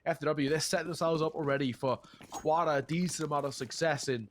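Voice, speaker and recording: A man with a head cold, his voice nasal and a touch high, chats his way through esports commentary. He laughs easily and trips over his words a little. A faint hiss sits under the recording. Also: steady tone, fairly quick. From England, born in South Africa. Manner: chatty, laughs easily, frequent restarts. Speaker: esports caster.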